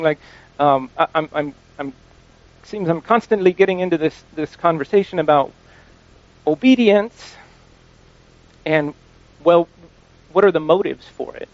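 A man with a fairly high voice preaches an informal sermon, stumbling through restarts and repeated words as he thinks aloud. He slows down to lean on scripture when he quotes it. The recording is dry and a bit dull, with no room sound. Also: no room sound. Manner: stresses quoted scripture slowly.

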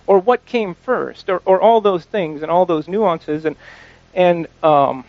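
Halting high-voiced male preacher. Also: no room sound, lo-fi sound. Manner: halting, many restarts and repeated words; stresses quoted scripture slowly. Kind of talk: informal sermon.

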